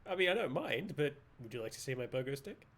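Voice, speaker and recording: A man's voice: mid-range voice, expressive, quick pace, a bit bright. Giggly Australian streamer man. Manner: giggly, playful, jokey. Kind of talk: live game commentary.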